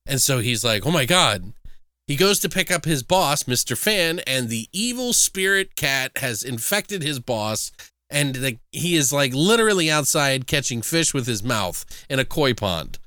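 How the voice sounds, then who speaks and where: A man's voice: mid-range voice, moderate pace, clear, resonant tone, dry recording, studio quality. A man hosting a podcast, retelling a film plot in casual, profane chat. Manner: animated, profane storytelling. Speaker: podcast host, film reviewer.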